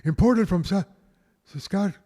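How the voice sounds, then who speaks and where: A man hams his way through a spoof radio commercial and stumbles over the words. His voice sits high. The studio has a long reverb. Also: normal speed, dark tone. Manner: hammy, stumbling, goofy. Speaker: radio co-host. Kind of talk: mock commercial and studio banter.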